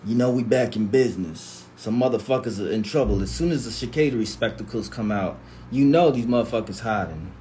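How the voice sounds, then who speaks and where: A man with a fairly low voice talks briskly into a phone while hosting a relaxed livestream. He reads comments from viewers out loud and answers in animated banter full of slang and profanity. A little hiss or hum is audible.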